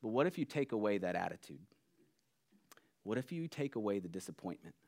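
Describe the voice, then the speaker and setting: A man preaching a sermon in an earnest, conversational way, dropping soft and then growing emphatic. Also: fairly low pitch, big pitch swings, fairly quick, gravelly. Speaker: pastor.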